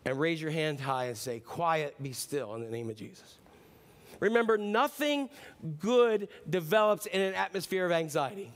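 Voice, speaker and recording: A middle-aged man preaching a sermon, talking in a conversational way and rising to emphatic declarations. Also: fairly high pitch. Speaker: pastor.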